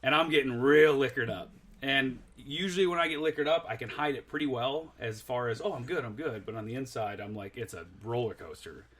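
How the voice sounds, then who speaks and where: A young man's mid-pitched voice, neither high nor low, on a relaxed podcast. He tells a long anecdote, stops to correct himself, and laughs his way through it. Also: fairly quick, few pauses. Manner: rambling, self-correcting, laughs mid-story. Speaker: podcast guest. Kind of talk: casual storytelling chat.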